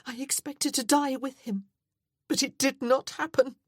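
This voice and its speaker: A woman's voice: high-pitched, fairly even intonation, unhurried, dry recording, studio quality, pitched above the performer's own voice. A woman voicing a guilt-ridden young widow, speaking with raised, breathless anguish.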